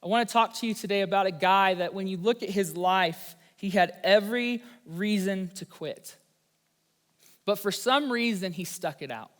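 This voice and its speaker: A young man preaching a youth sermon, telling a story with lively energy. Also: high-pitched, moderate pace, big-room sound. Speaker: youth pastor.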